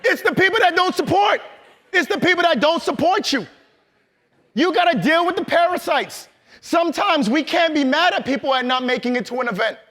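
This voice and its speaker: High-voiced hyped-up man preaching to a crowd. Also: expressive, fairly quick, a little hiss or hum. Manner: loud, hyped, calls on the crowd and laughs. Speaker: motivational speaker. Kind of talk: live motivational training talk to an audience.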